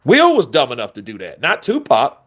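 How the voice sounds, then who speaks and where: A man rambles through a casual chat with his viewers, cursing freely and slipping into quick voices for other people. His pitch sits mid-range but swings in a lively way from line to line. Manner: loose, profane, rambling street talk; answers viewer questions, acts out quotes with voice shifts. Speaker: boxing commentary host.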